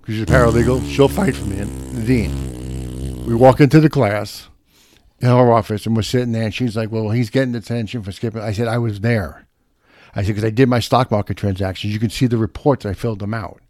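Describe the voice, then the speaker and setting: A man's voice: lowish voice, fairly even intonation, quick pace, darkish tone, dry recording, studio quality. A middle-aged man telling a profane, brash story in casual chat.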